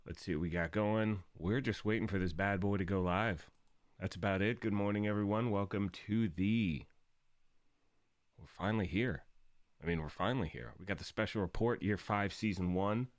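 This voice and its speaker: A man hosting a gaming live stream in upbeat, casual chat, his voice raspy from the early morning. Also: on the low side, normal speed, no room sound. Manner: upbeat and chatty, greeting viewers.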